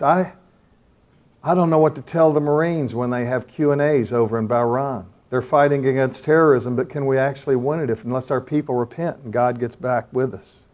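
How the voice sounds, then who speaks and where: An older preacher delivering a sermon and fervent prayer to a room of men. His mid-pitched voice swells into loud calls and then falls to hushed pleading. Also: steady tone, brisk.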